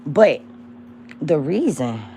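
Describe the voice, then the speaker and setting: A young woman hosting a casual livestream, talking bluntly and profanely as she calls out a rival, swinging between loud mocking lines and low murmurs. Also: sing-song, slow pace, slight background noise. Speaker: livestream host.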